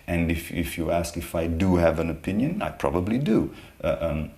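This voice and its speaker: A man's voice: sits low, steady tone, moderate pace, creaky, darkish tone. A man being interviewed as an artist, speaking hesitantly with many repeated words and restarts. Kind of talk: conversational interview.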